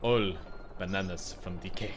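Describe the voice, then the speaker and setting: A man's voice: deep voice, steady tone, moderate pace, pitched below the performer's own voice, close to an everyday voice. A man putting on a clumsy fake accent, meant as Russian but sounding Spanish, to play a banana-stealing villain. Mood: hammy. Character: hammy male villain dictator hoarding bananas.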